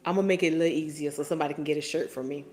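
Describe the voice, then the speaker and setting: Lower-voiced woman in her forties, teasing. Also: steady tone, rapid-fire, a little mellow, soft background music. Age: 40s. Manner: playful, teasing and profane. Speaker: live-stream host reading viewer comments. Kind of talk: casual live-stream chat.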